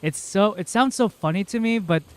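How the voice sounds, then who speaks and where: Chatty rambling man streaming a game. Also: high-pitched. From Southern United States. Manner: rambling, chatty storytelling, quick laughs. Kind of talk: casual chat while playing.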